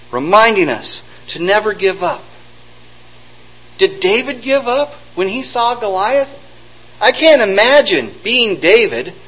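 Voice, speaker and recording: A man with a high, lively voice preaches a sermon, retelling old stories and slipping into the voices of the people in them. His pitch jumps around a lot as he drives each point home. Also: husky, low-quality recording. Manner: animated storytelling, acting out quotes.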